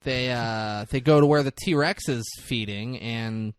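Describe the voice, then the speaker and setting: A podcast co-host with a medium-pitched voice speaks a little slowly in a clean, dry recording with no room sound. He casually recaps a movie in a crude, mocking way, acting out the characters' lines in quoted voices.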